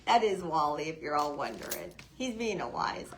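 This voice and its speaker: A woman hosting a live craft stream, chatting softly to viewers by name and gushing over the decorations. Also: deep voice, very animated, moderate pace, a little hiss or hum, rough recording. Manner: hushed, half-whispering. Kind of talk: casual live-stream chat.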